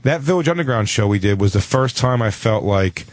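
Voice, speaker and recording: A male comedian as a guest on a podcast, telling stories in a lively, profane way. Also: lowish voice, fairly quick, no room sound. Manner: animated, profane storytelling. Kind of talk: casual podcast chat.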